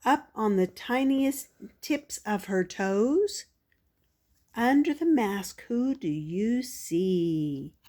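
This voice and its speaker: A woman's voice: animated, very slow. An older woman reading a picture book aloud to children as a grandmother, lifting her voice for the animal sounds. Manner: plays animal sounds in a higher, louder voice, with soft laughs.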